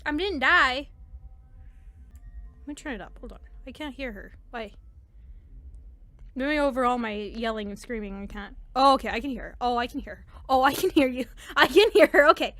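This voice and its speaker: A woman's voice: high-pitched, animated, normal speed, pauses often, fairly bright tone, dry recording. A young woman streaming a horror game, reacting with jittery nerves, screams and nervous laughter. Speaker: gaming streamer. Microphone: headphones with mic.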